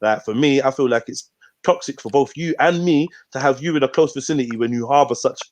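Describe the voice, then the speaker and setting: Fast-talking man brushing off a complaint. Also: mid-range voice. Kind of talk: heated live-stream argument.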